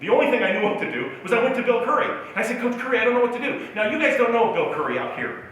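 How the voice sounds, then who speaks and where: A man's voice: extremely high pitch, big pitch swings, racing, a bit bright, a little hiss or hum. A male motivational speaker telling a self-mocking personal story at a keynote talk in a large auditorium. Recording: echoey hall from far off.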